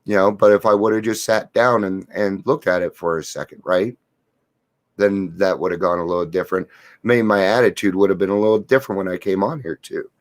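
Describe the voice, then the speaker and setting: Speaking a little fast in a low-pitched, steady tone, a middle-aged man confides earnestly to the camera. As a recovery vlogger, he offers a daily recovery reflection along with stories.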